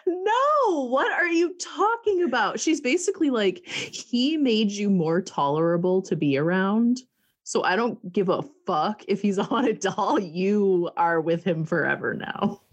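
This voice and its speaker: Woman co-host, relaxed pace, wry and quick to laugh, lively intonation. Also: medium pitch. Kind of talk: casual chat recapping a movie.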